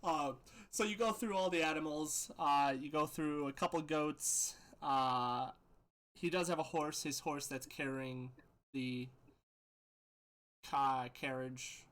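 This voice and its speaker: A man's voice: on the high side, steady tone, slow, fairly bright tone. A man running a tabletop game as game master, loose and laughing, with many fillers.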